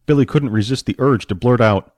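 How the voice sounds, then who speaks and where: A man narrating an audiobook story with expressive storytelling and varied pacing. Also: mid-range voice, brisk, dry recording, clean studio sound.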